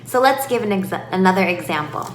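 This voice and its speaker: A woman speech-language pathologist giving calm, clear instructions to parents and breaking into lively demonstrations now and then. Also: mid-range voice, fast. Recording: echoey room with faint noise.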